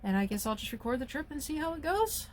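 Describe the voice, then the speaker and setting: A woman's voice: high voice, big pitch swings, quick pace, a little mellow, slight background noise. A young woman vlogging in a casual, rambling way, anxious and restarting her sentences often. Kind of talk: casual vlog monologue. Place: at home, indoors and by the car outside.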